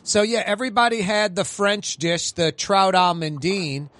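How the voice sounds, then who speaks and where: A man's voice: high-pitched, steady tone, normal speed, a bit bright, dry recording. A man, hosting a casual radio interview in a chatty, agreeable way. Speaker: radio host.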